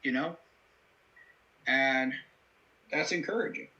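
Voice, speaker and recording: A man's voice: mid-range voice, slow pace, pushed and bright, muffled recording. A man hosting a live football reaction stream, talking through the game in an earnest, analytical way with many fillers. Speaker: host.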